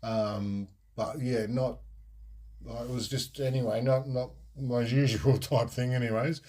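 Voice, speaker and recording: A man's voice: medium pitch, fairly even intonation, unhurried, a little mellow. A young man, hosting a podcast and telling a personal story in a frank, rambling way, full of fillers and restarts. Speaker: podcast host. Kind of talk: casual storytelling monologue.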